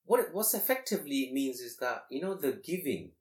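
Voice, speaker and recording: A man teaching a class on Quranic grammar, explaining with many rhetorical questions and quick Arabic recitation. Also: medium pitch, big pitch swings. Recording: echoey room.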